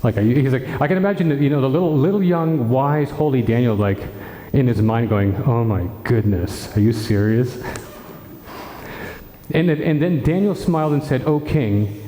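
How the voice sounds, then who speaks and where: A man preaching at a retreat, telling the story in an animated way and acting out the characters' lines himself. His voice is mellow and dark, middle in pitch. It carries through a big hall with a long, echoing reverb. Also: fairly quick. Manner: animated storytelling, acting out dialogue, frequent restarts. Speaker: friar preacher. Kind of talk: retreat talk retelling scripture.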